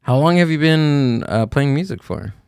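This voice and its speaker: Low gravelly guy co-hosting a podcast, laid back, super dry sound. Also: lively intonation, moderate pace, darkish tone, dry recording. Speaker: podcast co-host. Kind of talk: casual podcast chat.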